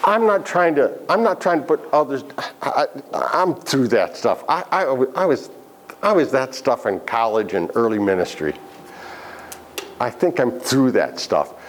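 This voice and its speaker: A man's voice: mid-range voice, very animated, a little slow. A man leading a Bible study class, asking the group questions and making joking asides. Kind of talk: interactive Bible lesson.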